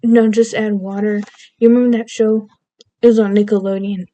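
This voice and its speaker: A woman's voice: medium pitch, little pitch movement, normal speed, warm tone, dry recording. A young adult woman vlogging in rambling, goofy casual chat, self-deprecating and meandering between topics.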